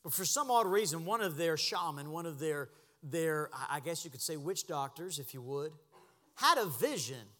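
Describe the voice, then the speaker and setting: A man preaching a sermon as pastor, impassioned, dropping to a hush and then rising to a shout. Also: fairly high pitch, lively intonation, moderate pace, big-room sound. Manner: impassioned, swings from hushed to shouting. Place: church sanctuary.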